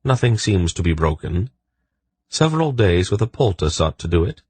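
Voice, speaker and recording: A man voicing a wise sorceress in wolf form who speaks in a practical, brisk, questioning way in an audiobook. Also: low voice, sing-song, a little mellow, husky, full character voice.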